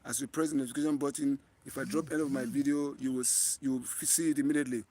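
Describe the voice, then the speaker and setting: A man's voice: mid-range voice, steady tone, racing, warm tone. A man with a Nigerian accent hosting a live stream outdoors, talking earnestly to viewers and often repeating and restarting his phrases. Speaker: livestream host. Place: outdoors in bright sun.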